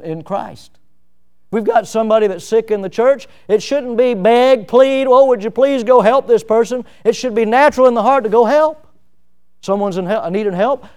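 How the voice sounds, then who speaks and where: Man preaching with a high clear voice. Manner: preaching with emphatic shouted quotes and swings between loud and soft. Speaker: pastor. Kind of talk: sermon.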